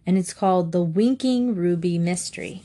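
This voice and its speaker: A woman reading a children's book aloud and chatting about it afterwards, gentle and expressive. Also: on the low side, moderate pace. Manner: gentle, expressive storytelling, lifts her voice for characters' lines. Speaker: storybook reader.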